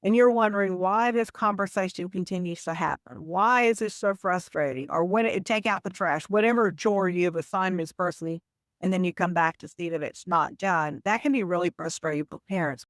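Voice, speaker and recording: A woman guest on a podcast interview, explaining habits in a measured, example-filled conversational way. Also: on the low side, no echo. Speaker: podcast guest, communication coach.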